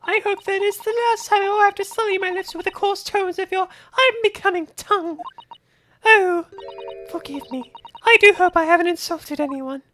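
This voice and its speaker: A woman voicing a haughty English gentlewoman. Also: extremely high pitch, normal speed, slight background noise. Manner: mock-refined, condescending, syrupy politeness. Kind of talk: fan voice-over of a game.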